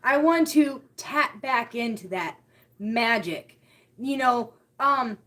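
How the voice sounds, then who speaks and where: A woman's voice: on the high side, expressive, slow, a bit bright. A woman hosting a spiritual live stream, talking casually and heartfelt, often repeating her key words.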